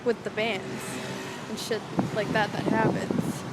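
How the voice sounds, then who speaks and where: A young woman telling a rambling, excitable story in a casual vlog, swearing freely, recorded outdoors near a street. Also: medium pitch, measured pace. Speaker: vlogger. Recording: traffic noise from outdoors.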